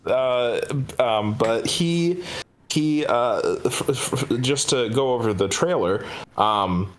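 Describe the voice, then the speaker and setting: A man's voice: animated, takes it slowly, a little hiss or hum. A man co-hosting a podcast, recapping a trailer in casual chat, hesitant with lots of fillers. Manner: rambling, hesitant with many fillers, jumps high for quoted voices. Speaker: podcast co-host.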